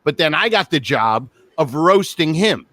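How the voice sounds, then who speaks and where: A man with a high, bright voice co-hosts a comedy podcast and tells animated, swearing-laden stories. The sound is close and dry, with no room around it. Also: measured pace, no echo. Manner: profane, animated storytelling. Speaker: comedian co-host. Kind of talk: casual comedy podcast chat.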